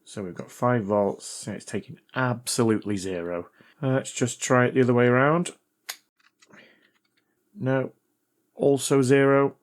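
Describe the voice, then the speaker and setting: A man hosting a repair video, reading a viewer's letter aloud and thinking out loud as he tests a gadget in a casual, chatty way. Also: medium pitch, fairly even intonation, measured pace, pauses often. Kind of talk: casual hands-on repair commentary.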